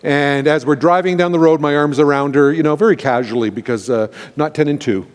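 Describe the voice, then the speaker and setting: Canadian pastor telling stories in a reverberant hall. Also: male voice, on the high side, brisk. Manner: earnest, emotional personal storytelling with frequent restarts. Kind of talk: storytelling sermon. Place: large church sanctuary.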